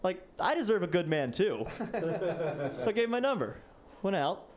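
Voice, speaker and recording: A man's voice: sits high, big pitch swings, moderate pace. A man in his late twenties doing a casual, self-deprecating stand-up set, peppered with "like.". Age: late 20s. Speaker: stand-up comedian. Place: stage before a live audience.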